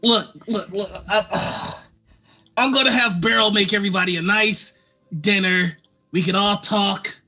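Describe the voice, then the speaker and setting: A man's voice: high-pitched, fairly even intonation, a little slow, pushed and bright, full character voice. A man voicing a weary male ship captain who is fed up with his passengers. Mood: exasperated. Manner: exasperated, pleading.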